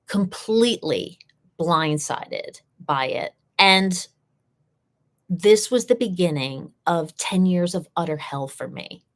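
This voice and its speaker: A woman with a somewhat low voice tells her own story, earnest and direct. She repeats her key phrases for weight as she hosts a live session. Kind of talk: personal storytelling.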